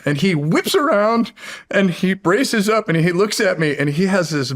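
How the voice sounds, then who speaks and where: A middle-aged man, a podcast guest, telling a story in casual, animated fashion, often laughing and restarting his sentences. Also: high voice, moderate pace. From United States. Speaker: podcast guest, former Navy SEAL.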